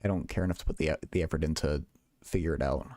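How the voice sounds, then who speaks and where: A man's voice: extremely low pitch, very fast, mellow, no echo, clean studio sound. A young man hosting a casual livestream, thinking aloud in a rambling way with many stammered restarts. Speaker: livestream host.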